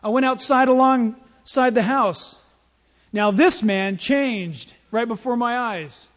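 A man with a high voice preaches an emphatic sermon, pressing his points and telling stories to his congregation. His words ring with a long reverb in a large church hall. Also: slow pace. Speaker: pastor.

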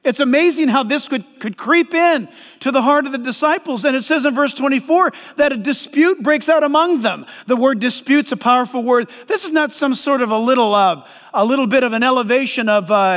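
A man preaching a sermon as a pastor, animated and acting out voices in the quotes. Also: very high voice, brisk, in a large hall.

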